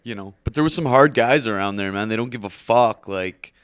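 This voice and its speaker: A man's voice: on the low side, a little fast, smooth, dry recording. A man co-hosting a podcast in casual chat, laid-back and full of swearing and "like". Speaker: podcast co-host.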